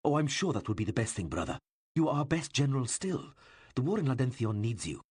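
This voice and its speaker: A man voicing a ruler's eager, flattering younger brother in an audiobook. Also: mid-range voice, fast, breathy edge, no room sound, clean studio sound, voice pushed up. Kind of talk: audiobook character voice.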